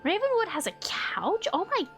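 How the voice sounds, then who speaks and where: A woman streaming a video game with a fairly high voice. She reads menu items aloud, swears freely and gets excited easily. Faint game music runs underneath her chatter. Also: moderate pace. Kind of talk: casual live game stream commentary.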